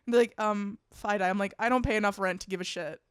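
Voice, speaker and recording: A woman co-hosting a podcast, telling a story in a casual chat, lively and laughing as she acts out quotes. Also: medium pitch, quick pace, clean tone, dry recording, studio quality. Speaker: podcast co-host.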